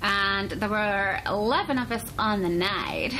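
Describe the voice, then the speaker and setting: A woman hosting her weekly paranormal vlog, chatty and animated, throwing out rhetorical questions. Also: mid-range voice, unhurried, a little hiss or hum, low-quality recording. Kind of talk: casual chat to camera.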